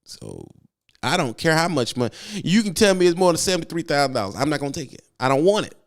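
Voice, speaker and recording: Animated, emphatic man ranting. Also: on the high side, quick pace. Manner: emphatic, repeats himself for effect. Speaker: truck driver. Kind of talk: casual vlog rant.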